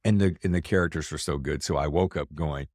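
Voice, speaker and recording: A man's voice: a bass voice, brisk, darkish tone, no room sound, clean studio sound. A man hosting an interview podcast, chatting casually in a jokey, enthusiastic way. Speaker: podcast host.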